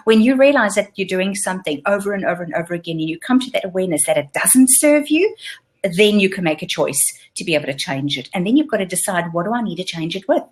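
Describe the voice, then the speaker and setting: A woman's voice: mid-range voice, lively intonation, fast. Middle-aged lady giving business tips, repeats herself for emphasis, plain mid voice. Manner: emphatic, repeats points for stress. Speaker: guest business coach. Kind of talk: casual interview advice.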